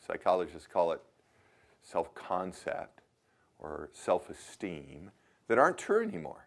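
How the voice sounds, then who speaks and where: A man speaking to a workshop audience, asking them direct questions and coaching them in a plain, conversational way with some hesitations. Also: mid-range voice. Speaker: workshop leader. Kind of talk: motivational workshop talk.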